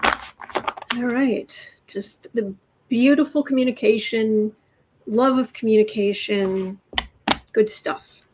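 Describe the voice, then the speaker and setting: A woman's voice: on the high side, takes it slowly, a little mellow, low-quality recording. A woman hosting a tarot livestream in a casual, rambling way, greeting viewers from the chat and chatting as she goes. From United States.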